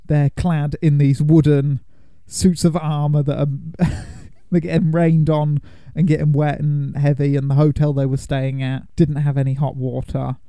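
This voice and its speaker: A young man hosting a film podcast in a relaxed, chatty way, laughing now and then as he explains. His voice sits somewhat high for a man but sounds very dark and mellow in tone. The sound is close and dry, with no room echo. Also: a little slow, vocal fry, hardly any pauses. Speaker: podcast host. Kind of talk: casual chat.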